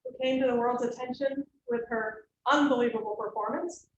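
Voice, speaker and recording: A middle-aged woman gives a lecture on counseling, explaining directly and illustrating points with examples. Her voice sits fairly high. The sound is roomy, with a faint hiss underneath. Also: fairly even intonation, fairly quick, dull audio. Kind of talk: lecture to students. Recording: echoey room, faint background hiss.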